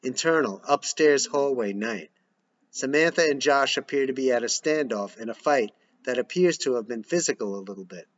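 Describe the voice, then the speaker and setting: A man's voice: medium pitch, expressive, normal speed. A man reading a screenplay's scene headings and stage directions aloud. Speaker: script reader. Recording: dull lo-fi recording.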